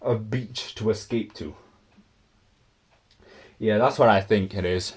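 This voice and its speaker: A man's voice: takes it slowly, breathy edge. A young man casually retelling a story in his vlog, rambling and slangy, full of ums and restarts. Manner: puts on squeaky high voices for quoted characters. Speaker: vlogger.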